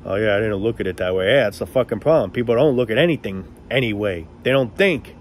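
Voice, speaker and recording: A man's voice: fairly low pitch, animated, quick pace, slight background noise. A man ranting casually to the camera in a blunt, profane, sarcastic way.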